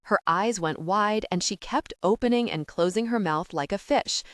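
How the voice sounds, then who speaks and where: A woman narrating a young-adult audiobook in an animated, characterful storytelling manner. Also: medium pitch, normal speed, no echo, studio quality. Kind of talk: scripted narration.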